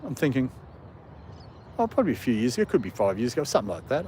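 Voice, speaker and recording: A man's voice: medium pitch, big pitch swings, fast talker, a little mellow, a little hiss or hum. Chuckling man with an Australian British accent. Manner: rambling and chuckling, talking to chat and dogs. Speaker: live-stream host walking his dogs. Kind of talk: casual live-stream chat. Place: outdoor park. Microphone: phone.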